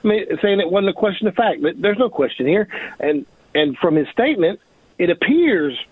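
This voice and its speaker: An indignant man, a lawyer guest on a radio show, calls in over a tinny phone line. His voice sits fairly high for a man and sounds a bit husky. It is bone dry, with no room sound around it. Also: very animated, moderate pace, no echo. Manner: indignant, emphatic, repeats himself. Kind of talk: radio call-in interview.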